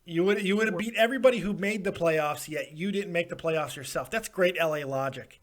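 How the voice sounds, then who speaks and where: A man's voice: sits high, brisk. A man hosting a casual late-night sports call-in show, brash and profane, teasing callers and laughing often. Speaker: talk show host.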